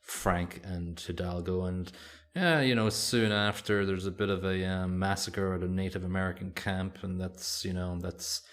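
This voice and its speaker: Deep-voiced man chatting casually. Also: fairly even intonation, moderate pace, few pauses. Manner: rambling, hesitant, many fillers. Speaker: podcast co-host. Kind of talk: casual chat.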